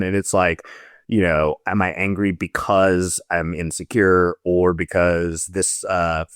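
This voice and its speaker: A middle-aged man, a former soldier, talking in a relaxed, reflective way as a podcast guest, with many loose asides. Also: sits low, clean tone, no echo, studio quality. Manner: reflective, talks in loose run-on thoughts with many "like"s. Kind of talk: casual conversational interview.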